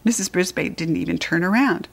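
A woman narrating a children's book aloud in an expressive, lively way. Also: fairly low pitch, fairly quick, gravelly, husky. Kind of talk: read-aloud storytelling.

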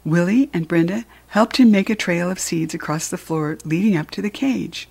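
A woman reading a children's chapter book aloud with playful, expressive narration. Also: on the low side, normal speed, vocal fry, few pauses, husky. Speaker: reader.

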